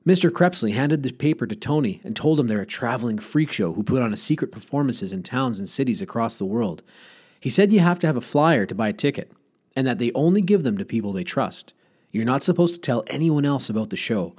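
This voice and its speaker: A man voicing a sneaky young schoolboy who talks in a hushed, matter-of-fact way, in a storybook reading. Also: medium pitch, lively intonation, brisk, slightly rough. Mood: secretive.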